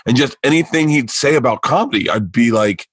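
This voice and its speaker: A man on a podcast telling a funny story in a casual, rambling way. He jumps into other people's voices and keeps restarting his sentences. His voice sits at a middle pitch, and the sound is dry and close to the mic. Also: brisk, breathy edge, dry recording. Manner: animated, frequent restarts and acted-out quotes. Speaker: comedian guest.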